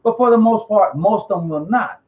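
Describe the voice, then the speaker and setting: A man hosting a casual live online interview, talking in an animated, slangy way and often repeating himself. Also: high voice, normal speed. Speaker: host. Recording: dull lo-fi audio.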